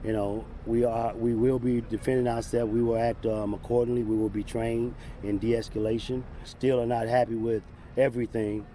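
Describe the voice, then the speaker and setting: A man giving a measured statement to the press outdoors in the city. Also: mid-range voice, little pitch movement, mellow, a little hiss or hum.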